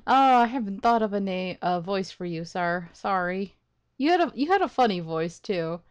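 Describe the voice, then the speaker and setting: A woman hosting a game playthrough, talking excitedly and rambling as she thinks aloud, laughing often. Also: mid-range voice, moderate pace, smooth. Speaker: let's play host. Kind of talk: gaming commentary.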